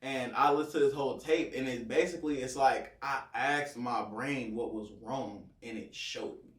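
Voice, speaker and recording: A man's voice: mid-range voice, moderate pace, a bit bright. A young man from California, a rapper talking casually in an interview, telling laid-back slangy stories full of swearing. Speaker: rapper guest. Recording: roomy, off-mic distant sound.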